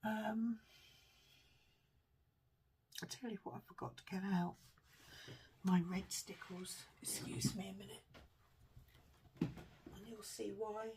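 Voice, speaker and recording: A woman's voice: medium pitch, fairly even intonation, takes it slowly, pauses often, noisy background. A woman chatting through a card-making tutorial at her craft table, rambling and self-deprecating as she mutters to herself while she works.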